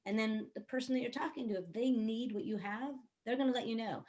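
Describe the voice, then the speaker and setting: A woman's voice: a little high, brisk, darkish tone. A woman who works as a songwriter, producer and coach, explaining her ideas earnestly on an online panel with everyday examples. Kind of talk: panel discussion.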